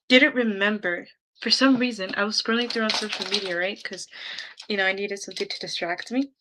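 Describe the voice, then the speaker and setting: Young woman vlogger with a bright, clear voice, chatty and rambling, casual storytelling to camera. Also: mid-range voice, poor audio. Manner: chatty, rambling, heavy use of "like" and "um". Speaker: YouTuber.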